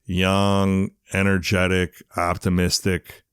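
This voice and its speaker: A man's voice: low-pitched, monotone, slow pace, fairly bright tone, clean tone, no room sound, clean studio sound. A man speaking as a podcast guest, laid-back and slangy, often calling the host "dude". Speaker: guest, donut shop owner. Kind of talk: casual interview chat.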